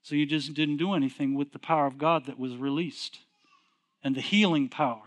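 A middle-aged preacher with a voice pitched a little higher than most men. He talks to the congregation conversationally and keeps throwing questions at them. He drops to quiet, low stretches and then rises to emphatic, forceful lines. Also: steady tone, brisk. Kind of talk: sermon.

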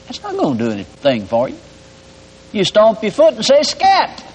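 Folksy male radio preacher, emphatic and animated, slightly high, muffled tape sound. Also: a little fast, slightly rough. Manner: folksy homespun examples, emphatic rising calls. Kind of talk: radio sermon. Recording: dull lo-fi broadcast audio.

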